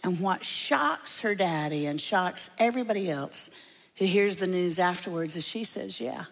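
A woman's voice: lowish voice, moderate pace. Woman, preacher, humorous sermon storytelling, large hall, long reverb. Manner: humorous storytelling, lively asides.

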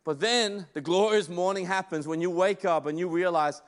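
A man's voice: high-pitched, normal speed. A man preaching a sermon in an emphatic, conversational way, often restarting his phrases.

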